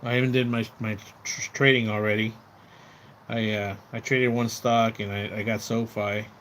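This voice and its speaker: Livestreaming outdoors near his house, a man rambles in casual chat, repeating words and swearing when riled up. His fairly low voice holds a level, fairly bright tone at normal speed, with slight background noise.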